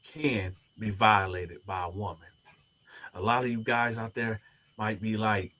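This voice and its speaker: In no hurry, a man with a lowish voice and a prison past tells his story to the camera. He's animated, playing out the other people's dialogue as he goes.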